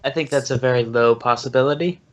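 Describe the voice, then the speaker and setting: A man's voice: medium pitch, fast talker. A man playing a tabletop game, offering dry, scheming suggestions. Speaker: player. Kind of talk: casual tabletop play. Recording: slightly dull lo-fi recording.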